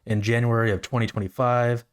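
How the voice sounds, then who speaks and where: A man's voice: mid-range voice, flat delivery, brisk. A man co-hosting a podcast in casual chat, easygoing and thinking aloud as he goes. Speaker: podcast co-host.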